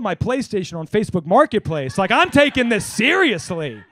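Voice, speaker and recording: A young man performs stand-up in a comedy club, rambling conversationally with plenty of fillers before bursting into louder punchlines. His voice is high and sing-song, his pace moderate, and the recording dry.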